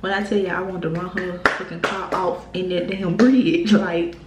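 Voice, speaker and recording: A woman's voice: lowish voice, moderate pace. A young woman, heatedly telling a storytime on her channel. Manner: animated, heated retelling with profanity and laughs. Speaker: YouTube storyteller. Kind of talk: casual storytime vlog. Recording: echoey room with faint noise.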